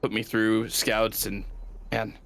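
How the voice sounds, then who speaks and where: A man's voice: on the low side, level tone, takes it slowly, gravelly, a bit bright, voice pushed down, full character voice. A man voicing a nervous teenage scout who stammers and mumbles. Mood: awkward.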